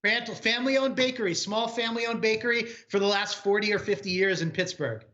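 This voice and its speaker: A man co-founder being interviewed on a talk show, relaxed and plain-spoken as he talks up the food. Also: sits high, brisk, lo-fi sound. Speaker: company co-founder guest.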